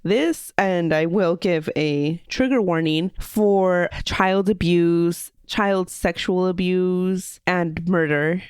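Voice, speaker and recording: Chatty woman podcast host, keeps giggling between grim facts, slightly low voice, dry close mic. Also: slow, few pauses, a little mellow, smooth, no echo. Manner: chatty, giggly, jokey asides. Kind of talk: casual true-crime podcast chat.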